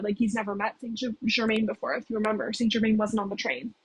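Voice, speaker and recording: A chatty young woman recaps a story in a loose, casual way, often adding "like" and "okay?" Her voice sits a little high and has a breathy, husky edge. She is recorded on a cheap mic. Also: flat delivery, fast, few pauses, low-quality recording. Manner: chatty, leans heavily on "like" and "okay?". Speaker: video creator recapping a game story.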